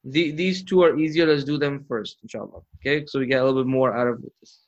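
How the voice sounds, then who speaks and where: A man's voice: medium pitch, steady tone, quick pace. A man teaching Arabic grammar in a live lesson, patient and encouraging, drilling terms aloud. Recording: muffled lo-fi audio.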